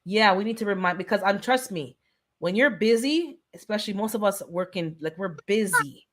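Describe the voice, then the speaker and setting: A woman of Jamaican descent from the Caribbean hosts a casual live wellness chat on stream. She speaks earnestly and pleadingly, repeating herself to drive her points home. Her voice is medium-pitched, animated, and fairly bright, at a moderate pace.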